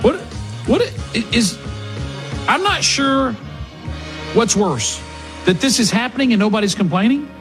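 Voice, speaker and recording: A man's voice: very high-pitched, lively intonation, unhurried, long pauses, a bit bright, faint music behind. A man hosting a political talk radio show, sarcastic and mocking in his monologue.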